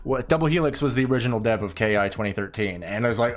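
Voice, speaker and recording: A young man streaming while he draws, talking casually and ranting with plenty of swearing and quick asides. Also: fairly low pitch. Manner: rambling, profane, animated ranting with put-on quoted voices. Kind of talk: casual chat while drawing.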